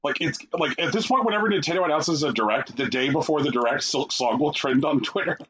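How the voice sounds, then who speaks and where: Dude cohosting a podcast, dry jokey delivery, pretty lively up-and-down voice. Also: male voice, a little high, fast, breathy edge. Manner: wry, deadpan jokes with swearing and laughter. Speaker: podcast co-host. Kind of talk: casual chat.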